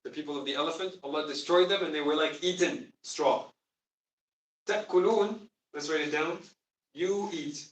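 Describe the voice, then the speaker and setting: A man with a fairly high voice teaches a lesson, pressing his points with emphasis and asking the class questions. He is recorded from across an echoey classroom. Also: brisk. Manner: emphatic, quizzes students. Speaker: Quran teacher. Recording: echoey room, distant mic.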